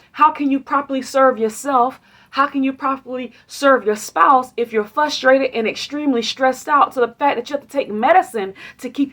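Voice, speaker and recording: High-voiced woman giving a faith talk. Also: fairly bright tone. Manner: preachy and conversational, asks the audience questions; acts out quoted complaints and affirmations. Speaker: host.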